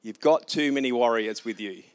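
A man voicing a calm, reassuring divine figure in a retold scripture story, slow, emphatic and casual. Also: medium pitch, natural voice.

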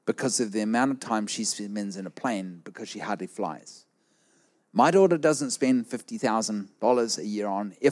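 A middle-aged man preaching a sermon, telling a personal story with lively acted-out voices. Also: on the low side. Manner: animated storytelling, acts out quoted voices.

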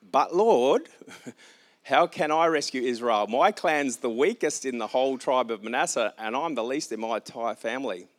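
A man's voice: animated, normal speed, lightly acted. A man voicing an anxious, doubting young male hero in a retold scripture story, pleading and raising his voice. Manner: pleading, higher and louder than his own voice.

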